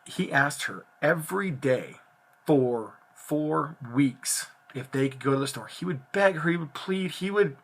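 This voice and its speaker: Husky, forceful man telling a story in class. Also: on the high side, expressive, measured pace. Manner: loose and chatty, with many filler ums. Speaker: teacher. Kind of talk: casual storytelling lecture to students. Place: at home. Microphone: phone.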